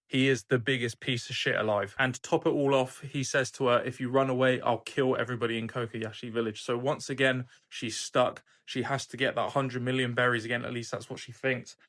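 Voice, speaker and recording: A man's voice: medium pitch, pushed and bright. A young man hosting an anime reaction channel, recapping an episode in an earnest, emphatic casual way, swearing freely.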